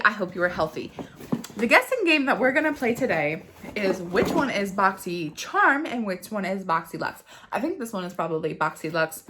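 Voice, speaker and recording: A young woman vlogging a beauty unboxing, gushing and tearful with excitement, talking straight to the camera. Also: mid-range voice, noisy background.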